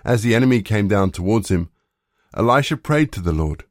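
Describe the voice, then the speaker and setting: Low-voiced man reading scripture. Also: animated, brisk, no echo, studio quality. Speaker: scripture reader. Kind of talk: scripted narration of a Bible story.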